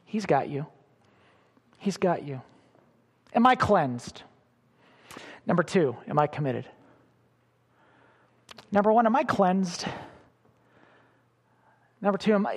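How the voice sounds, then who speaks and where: A middle-aged man preaching a sermon as pastor, animated, with sudden loud bursts and soft drops. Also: on the high side, breathy edge, in a large hall.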